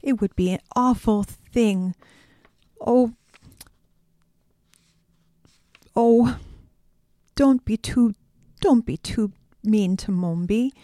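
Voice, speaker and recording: A kind-hearted tin man who frets and pleads, as a woman narrator puts him on. His voice rises high and loud, and he speaks slowly. The sound is dry. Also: no echo. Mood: pleading. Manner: anxious, pleading.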